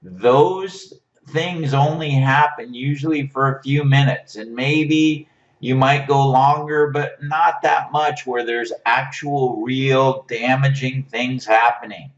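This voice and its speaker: A man's voice: mid-range voice, steady tone. A man giving a relationship lesson, teaching in a coaching manner and checking in with his listeners as he goes. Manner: unhurried, coaching, checks in with "right?". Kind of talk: motivational teaching talk. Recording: roomy, distant, dull lo-fi sound.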